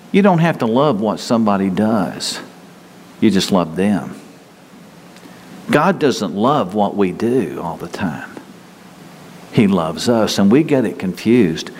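A man preaching a sermon in a repetitive, emphatic way, climbing higher and louder as he gets stirred. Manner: emphatic, repetitive, rises in pitch and force when stirred. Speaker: pastor. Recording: reverberant hall with faint noise.

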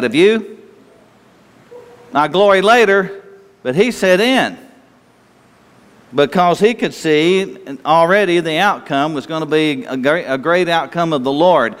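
A man preaching a conversational sermon, slightly hoarse with an itchy throat, asking his listeners questions in a folksy way. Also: fairly high pitch. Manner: folksy, asks the listeners questions, laughs easily. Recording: long hall reverb.

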